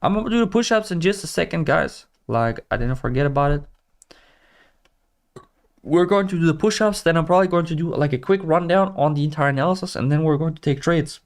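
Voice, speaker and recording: A man's voice: fairly high pitch, brisk. A man hosting a trading livestream, chatting loosely with viewers, full of "like" fillers and calling them brother. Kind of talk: casual livestream chat, reading viewer comments.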